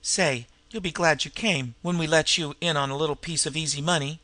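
A man's voice: a little high, fairly even intonation, brisk, sharp tone, no room sound. A man voicing a cocky, sneering small-time male thug who jibes in slang. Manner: jibing, slangy, unbothered.

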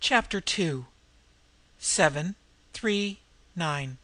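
A man's voice: on the high side, lively intonation, very slow, a bit bright, no echo. A man narrating a novel in a scripted reading style, voicing every character himself. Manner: reads the prose and voices every character. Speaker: audiobook narrator.

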